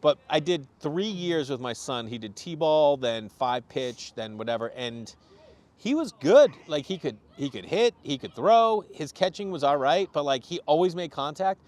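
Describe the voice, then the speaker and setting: Guy from boston chatting on a podcast, kinda high voice that swings around a lot, acts out stories. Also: moderate pace. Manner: animated storyteller, acts out quotes. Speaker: comedian guest. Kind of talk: casual podcast chat.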